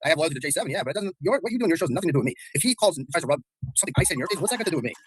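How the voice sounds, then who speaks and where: A man's voice: on the high side, animated, racing, background noise. A man in a heated casual argument, defensive and full of restarts.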